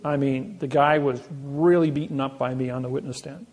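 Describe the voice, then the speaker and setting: A man telling boastful stories to an audience, animated, with many restarts. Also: medium pitch, brisk. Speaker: seminar speaker. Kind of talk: storytelling talk to an audience.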